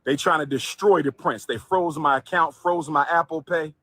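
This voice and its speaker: A man with a slightly high voice makes an appeal for donations in a livestream clip. He repeats himself again and again in an insistent way. The sound is dry and close. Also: moderate pace, a bit bright, no room sound. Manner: repetitive and insistent. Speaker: speaker in a played clip asking for donations.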